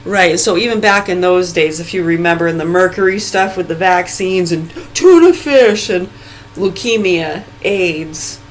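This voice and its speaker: A woman's voice: on the low side, slight background noise, low-quality recording. A woman in her forties delivering a rambling, heated rant full of swearing. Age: 40s. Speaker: vlogger. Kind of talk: profane angry rant.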